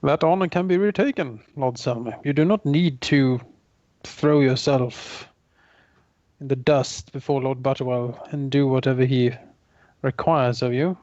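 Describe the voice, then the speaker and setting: A man's voice: medium pitch, measured pace, a little mellow, no echo, lo-fi sound. A man playing a tabletop role-playing game, speaking in character in an earnest, persuasive way. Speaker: player.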